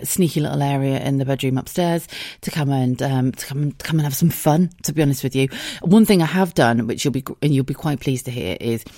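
A woman's voice: low voice, warm tone, no room sound, studio quality. A woman, chatting on her solo podcast from her bedroom, swearing and laughing often, emotional. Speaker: podcast host. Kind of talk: casual solo podcast chat. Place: bedroom at home.

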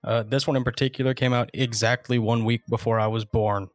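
A man's voice: mid-range voice, flat delivery, fairly quick, dry recording. Young man, dry close sound, easygoing. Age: young adult. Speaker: podcast guest. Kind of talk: casual chat.

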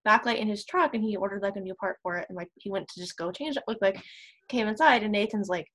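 A woman telling a casual story in an animated, rambling way. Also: mid-range voice, fast talker. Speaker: guest caller.

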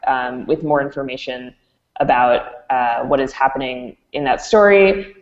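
A woman with a low voice walks through a product demo, explaining at an easy clip with plenty of ums. The sound is dull and boomy, as if from a reverberant room over a muffled line. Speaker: educational company presenter. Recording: dull, echoey room audio.

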